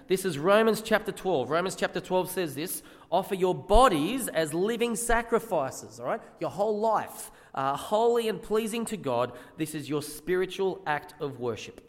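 Guy preaching in a big echoey hall, kinda high voice, earnest, keeps asking the crowd stuff. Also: lively intonation, moderate pace, hardly any pauses. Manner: earnest, asks the listeners rhetorical questions. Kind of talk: sermon.

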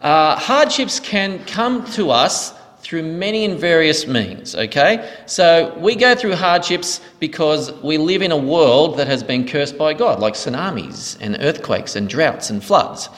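A man's voice: fairly high pitch, expressive, unhurried, hardly any pauses, a bit bright. A man leading a question-and-answer teaching session as pastor, explaining answers earnestly. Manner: earnest, explanatory, thanks each asker. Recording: reverberant hall.

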